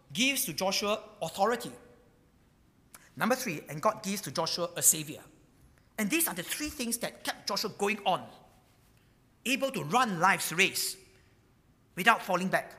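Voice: mid-range voice, sharp tone, big-room sound. A pastor preaching a sermon, emphatic and repetitive, stumbling over words with frequent fillers. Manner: emphatic, repeats key words.

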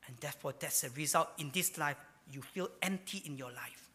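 Male pastor, emphatic sermon delivery, voice a touch high, hall echo. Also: fairly quick. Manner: emphatic preaching, with sudden swings between loud and hushed. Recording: hall reverb.

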